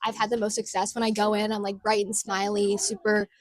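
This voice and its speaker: A woman's voice: mid-range voice, little pitch movement, fairly quick. A young woman in her late teens, a college-audition student, talking in a bubbly, emphatic way. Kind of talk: casual chat.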